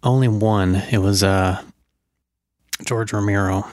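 A man's voice: on the low side, fairly even intonation, slow, darkish tone, no room sound, studio quality. A young man co-hosting a podcast, laid-back and hesitant, often trailing off. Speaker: podcast co-host. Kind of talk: casual chat.

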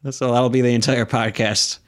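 A man's voice: medium pitch, little pitch movement, moderate pace, dry recording, clean studio sound. A young man co-hosting a podcast, chatty and joking, laughing often. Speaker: podcast co-host. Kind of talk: casual chat.

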